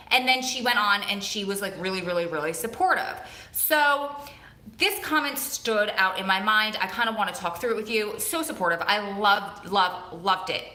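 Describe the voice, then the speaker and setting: A woman's voice: mid-range voice, moderate pace, sharp tone. Chatty woman with a strong Jersey–Long Island accent. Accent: New Jersey and Long Island. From Long Island, New York. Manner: chatty, rambling, repeats words for emphasis. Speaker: vlogger on a live stream. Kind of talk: casual live-stream chat. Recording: echoey room.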